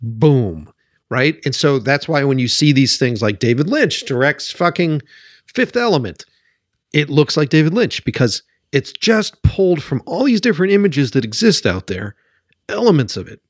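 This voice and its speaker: A man's voice: fairly high pitch, very animated, normal speed, no room sound, studio quality. A man hosting a solo podcast, ranting in a sarcastic, profane way and keeps checking in with "right?". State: worked up. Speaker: podcast host.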